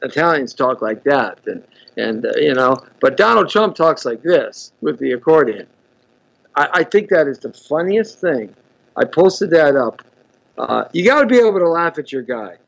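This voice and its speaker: Male talk-show host, casual and rambling, a bit higher than usual, muffled lo-fi recording. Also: sing-song, normal speed, vocal fry. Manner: chatty, repeats words, greets viewers. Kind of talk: casual live-stream chat.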